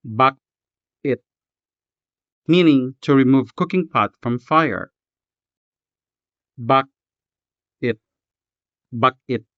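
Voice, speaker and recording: A man teaching a language lesson in scripted narration, speaking slowly and carefully and repeating words for pronunciation. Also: medium pitch, smooth, no room sound. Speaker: language tutor. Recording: dull, dry, lo-fi voice-over.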